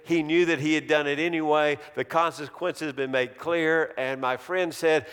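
A middle-aged male pastor delivers a storytelling sermon in a slightly raised, smooth and resonant voice. He slows down and drops to a near hush on the words he wants to land. The sound carries a long echo from a large church sanctuary. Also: on the high side. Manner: dramatic storytelling, slowing and dropping to a hush on key words. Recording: long reverb of a large hall.

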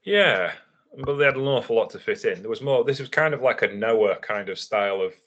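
A man co-hosting a casual wrestling podcast, talking in a relaxed, analytical way and laughing easily. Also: fairly low pitch, brisk, dull audio.

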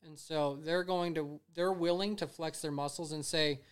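A man's voice: a little high, fairly even intonation, normal speed, clear, resonant tone. Swearing man ranting on a podcast. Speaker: podcast co-host. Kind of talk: casual podcast chat. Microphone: streamed podcast mic.

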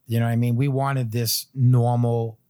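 A man in his thirties, a podcast guest, telling a long personal story in a loose, animated way, full of fillers and little chuckles. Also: medium pitch, normal speed, clean tone. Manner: loose filler-heavy phrasing. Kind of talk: casual storytelling chat.

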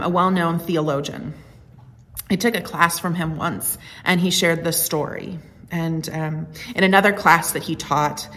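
A woman with a fairly low voice preaches a sermon in an easy, conversational way. She is earnest and reflective, and she eases into personal stories with a light touch of humor. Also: fairly bright tone. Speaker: pastor.

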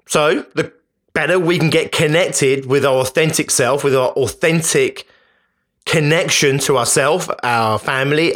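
Hosting a podcast, a man with a slightly high, somewhat bright voice gives an emphatic motivational monologue in a conversational style, frequently repeating himself.

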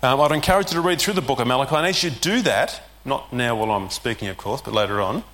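A man's voice: mid-range voice, lively intonation, fast talker, fairly bright tone. A man preaching a sermon as pastor, conversational and explanatory with casual fillers.

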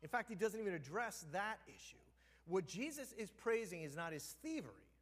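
A man preaching a sermon as a pastor, telling the story with animation, acting out the characters' lines and sometimes dropping to a hushed, near-whispered voice. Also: high voice, big pitch swings, normal speed, long reverb tail. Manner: drops to a hushed, almost whispered voice for effect. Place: church sanctuary.

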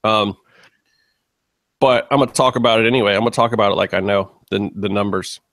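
A man's voice: lowish voice, fairly even intonation, brisk, a bit bright, dry recording. A man co-hosting a podcast in casual chat, rambling and laughing easily. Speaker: podcast co-host.

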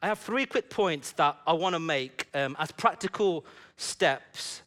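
A man preaching a sermon in a church service, telling a personal story in an animated, conversational way. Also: on the high side, unhurried.

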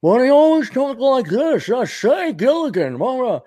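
A man's voice: very high-pitched, very animated, normal speed, dark tone, no echo, pitched above the performer's own voice, full character voice. A man doing an impression of a pompous rich old tycoon, talking through a clenched jaw with the upper lip held down in a snobbish drawl. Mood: snooty. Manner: snobbish, lofty.

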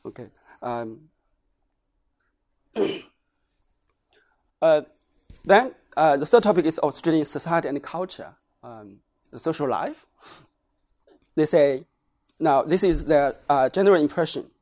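A man from China speaking English, presenting research findings in a halting lecture style full of hesitations. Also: on the high side, animated, darkish tone. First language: Chinese.

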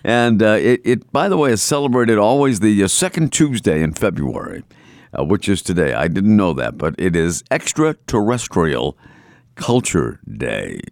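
A man's voice: on the low side, very animated, moderate pace, a little mellow, no echo. Boston-accented male radio host, sing-song delivery, rambling, dry studio sound. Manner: rambling, with frequent fillers and restarts. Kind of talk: morning talk radio chat. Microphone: studio microphone.

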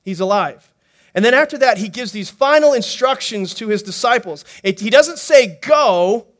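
Animated high-voiced male pastor. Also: normal speed. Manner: animated, playful preaching with jokes and acted-out quotes; asks the congregation questions. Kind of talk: sermon.

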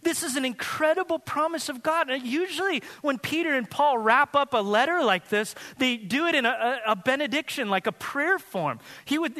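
A man preaching a sermon, loose and conversational, often breaking into laughter. His voice is high and bright, and it rings through a large hall with a long echo. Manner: conversational and joking, with quick laughs. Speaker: pastor. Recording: reverberant hall.

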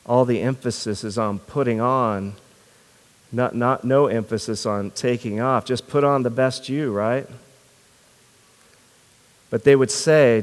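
A man's voice: mid-range voice, fairly even intonation, normal speed. Male pastor, sermon delivery, earnest and questioning, repeats words mid-thought, reverberant church hall.

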